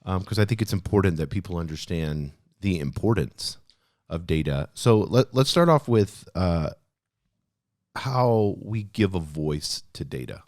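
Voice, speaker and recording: A man co-hosting a podcast, steering the talk in a relaxed, joking way. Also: low voice, unhurried, dry recording, clean studio sound. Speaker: podcast co-host. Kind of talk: casual podcast chat.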